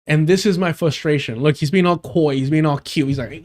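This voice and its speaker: A man's voice: on the high side, a little fast, hardly any pauses. A man giving heated, profane commentary while reacting to a debate clip on a live stream.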